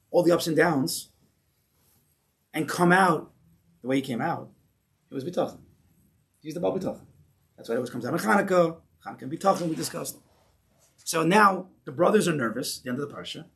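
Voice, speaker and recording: Animated man teaching a Torah class. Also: a little high, gravelly. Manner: animated, asks the class questions. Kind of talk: lecture to a class.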